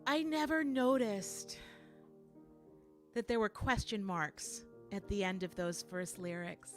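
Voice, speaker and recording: A middle-aged woman, a singer and show host, telling a story slowly and thoughtfully at home between songs on a livestream, with frequent restarts. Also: medium pitch, fairly even intonation, soft background music. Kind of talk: casual spoken intro between songs on a livestream.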